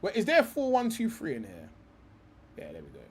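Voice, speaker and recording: A man's voice: high voice, wildly swooping pitch, fairly quick, husky. A young man hosting a live stream, talking football in a rambling, heated way, swearing often and calling people bro.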